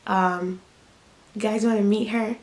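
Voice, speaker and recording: A woman's voice: medium pitch, steady tone, unhurried. A young woman and new mother telling a personal story to camera in a casual, emotional way, close to tears, repeating herself often. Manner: emotional, repeats words, many fillers.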